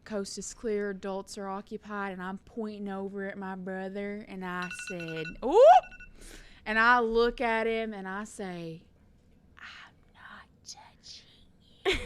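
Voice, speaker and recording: A woman's voice: medium pitch, moderate pace, hardly any pauses, slight background noise. A woman, co-hosting a podcast and telling a funny family story with lots of laughter. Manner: animated, laughing through her story. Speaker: podcast co-host. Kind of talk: casual storytelling.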